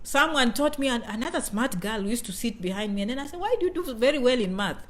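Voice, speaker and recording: A woman's voice: on the high side, animated, fast. A woman in her thirties from Kenya, hosting a casual live-stream chat with viewers, talkative and playful, often repeating phrases.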